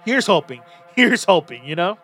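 A man hosting a casual podcast chat, talking bluntly and swearing freely. His voice sits a bit high for a man. The sound is dry and close, with no room around it. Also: very animated, normal speed, bright, forceful tone, no echo, soft background music. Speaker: podcast host.

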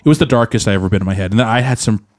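A man's voice: fairly low pitch, racing, no echo. Rambling young man, dry sound. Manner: rambling, many restarts and fillers. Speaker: podcast co-host, musician. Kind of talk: candid casual chat.

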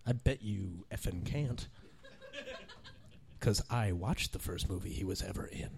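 A man's voice: low-pitched, measured pace, gravelly, a little mellow, slight background noise. A man appearing as a guest comedian on a live podcast, teasing and needling the host. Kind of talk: casual live podcast banter.

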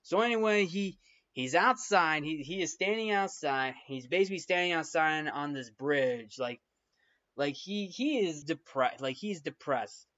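A man's voice: on the high side, expressive, a little slow, a bit bright. A man giving a casual, rambling film recap, full of restarts and fillers. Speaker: film reviewer. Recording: dull lo-fi recording.

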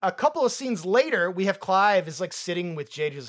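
A man's voice: sits high, very animated, fairly quick, few pauses, a bit bright. A man co-hosting a film review podcast, chatting casually, laughing often and mocking lines he quotes. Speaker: podcast co-host.

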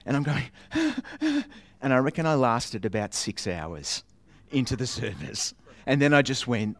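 A man preaching in a chatty, self-mocking way, telling a childhood story with animated voices and sound effects. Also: medium pitch, normal speed. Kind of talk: storytelling sermon.

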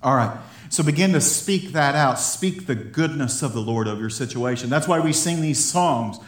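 A male pastor preaching a sermon in an animated way, laughing often and building up to excited emphasis. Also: medium pitch, moderate pace. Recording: roomy echo of a hall.

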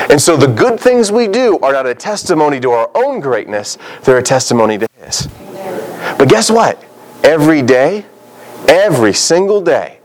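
A male pastor delivering a sermon with a lively, rising and falling voice. He drives his points home with rhetorical questions. A faint hiss sits under the recording. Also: medium pitch, rough recording. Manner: animated preaching with rhetorical questions.

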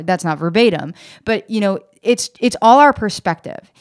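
A woman's voice: mid-range voice, lively intonation. Earnest woman co-hosting a self-help podcast. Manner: earnest, encouraging, retells scenes in quick voices. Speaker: podcast co-host.

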